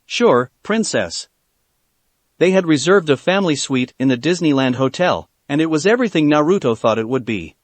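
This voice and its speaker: A man narrating a fan fiction story aloud in an expressive storytelling manner. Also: fairly high pitch, fast, hardly any pauses, no room sound.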